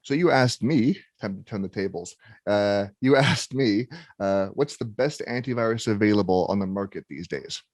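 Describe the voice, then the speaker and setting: A man's voice: fairly low pitch, normal speed, dry recording, studio quality. A man in his thirties hosting a tech podcast, talking casually with many restarts and fillers. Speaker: podcast host. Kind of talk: casual conversation.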